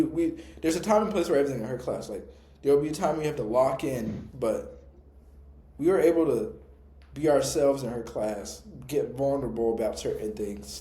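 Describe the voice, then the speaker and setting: A young adult man co-hosting a podcast, telling stories in a relaxed, slangy, reflective way. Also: medium pitch, roomy sound. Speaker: podcast co-host. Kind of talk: casual storytelling.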